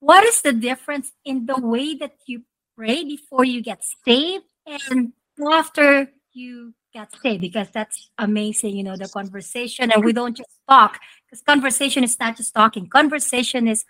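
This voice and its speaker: Bright, enthusiastic female host. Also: fairly high pitch, moderate pace, no echo, rough recording. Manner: enthusiastic, effusive. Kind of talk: interview conversation.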